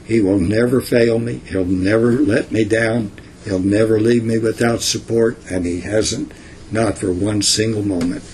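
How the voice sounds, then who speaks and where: An older man giving informal Bible teaching in a folksy, unhurried way, reading verses and adding asides. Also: fairly low pitch, fairly even intonation, a little mellow, slight background noise.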